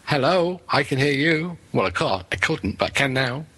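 Guy guesting on a radio show, bright kinda husky voice, dry jokey. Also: medium pitch, animated, moderate pace. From Wales. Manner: dry, joking. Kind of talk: casual chat over a phone link.

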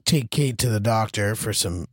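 A man's voice: lowish voice, moderate pace, no echo, studio quality. A man co-hosting a podcast, telling a rambling story in casual chat and acting out what people said. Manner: rambling anecdote, acting out quotes. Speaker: podcast co-host.

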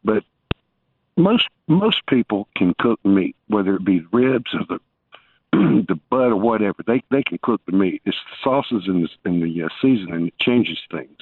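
A man calls in to a talk show over a tinny phone line, rambling, restarting his sentences, and good-naturedly teasing the host. His lowish, slightly rough voice has big pitch swings and a moderate pace, and the recording is dry.

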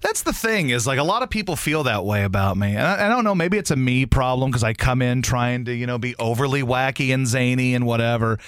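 A man's voice: brisk, hardly any pauses, clean tone, no room sound, studio quality. A man filling in as a sports radio host, ranting about fans and trading stories with a co-host, and dropping into mocking voices. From grew up in Baton Rouge, Louisiana. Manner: animated, ranting, mocks fans in high squeaky put-on voices. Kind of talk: sports talk radio rant. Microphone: studio microphone.

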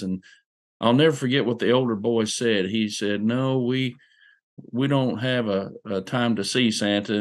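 A man telling a personal story in an unhurried, folksy way, with fillers and restarts. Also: on the low side.

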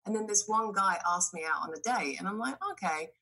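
Brief: British actress guest in her 40s, bright tense tone, animated and salty, laughs through her stories. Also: mid-range voice, fairly quick, slightly rough, low-quality recording. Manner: animated, laughing, profane storyteller. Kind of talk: casual podcast chat.

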